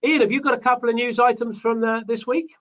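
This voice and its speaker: Brief: British male host, chatty and upbeat, higher voice, recorded off-mic and dull. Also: fairly even intonation, quick pace, fairly bright tone, recorded from a distance. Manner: chatty, reads out viewer names. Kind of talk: live webinar chat.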